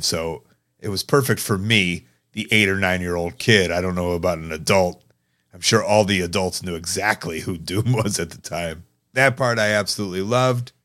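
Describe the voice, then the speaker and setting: A man's voice: sits low, fairly bright tone. A man hosting a podcast, chatting casually in a laid-back, wry and teasing way. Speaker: podcast host. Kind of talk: casual chat.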